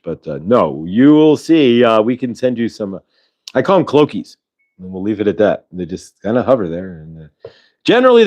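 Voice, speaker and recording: Low-voiced guy rambling on a live stream, lots of uh and um, chatting with viewers from home. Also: a little mellow. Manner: rambling, many fillers and restarts, chatting with viewers. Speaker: host of a live spiritual channeling show. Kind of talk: casual live-stream chat. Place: at home in Colorado.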